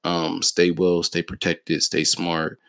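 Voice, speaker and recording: A man's voice: low voice, monotone, slow pace, gravelly, a bit bright, smooth, no echo. A man in his thirties hosting a solo podcast, telling stories in a profane, joking, laid-back way. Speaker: podcast host. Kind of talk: casual solo podcast storytelling.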